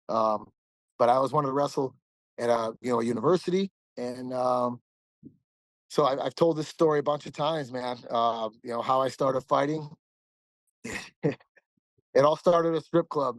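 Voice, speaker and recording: A man's voice: medium pitch, fairly even intonation, moderate pace, dry recording, poor audio. A man in his forties from the American Midwest, a podcast guest telling a long story in a rambling, casual way, often laughing and saying "man". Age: 40s.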